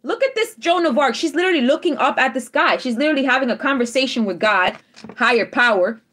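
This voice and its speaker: A woman's voice: sits high, fast talker, fairly bright tone. Emphatic woman giving a live tarot reading. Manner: emphatic, repeats affirmations, checks in with "all right?". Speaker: tarot reader.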